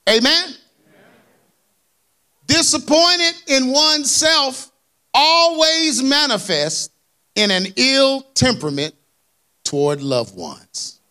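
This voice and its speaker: A man preaching a sermon in a colloquial, animated way, asking the congregation for amens. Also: extremely high pitch, slow pace, long pauses. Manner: colloquial, dropped verbs and y'all.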